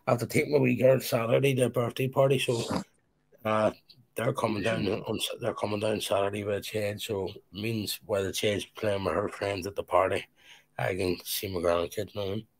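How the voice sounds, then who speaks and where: A man's voice: on the low side, little pitch movement, a little fast, gravelly, no room sound, poor audio. Hesitant middle-aged man. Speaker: livestream chat participant. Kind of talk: casual group chat.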